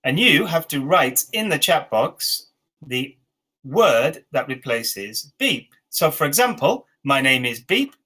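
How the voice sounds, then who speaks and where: A man in his forties with an English accent, leading an online teacher training session with slow, clear dictation and encouraging feedback. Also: medium pitch, sing-song, pushed and bright, low-quality recording. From England. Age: 40s.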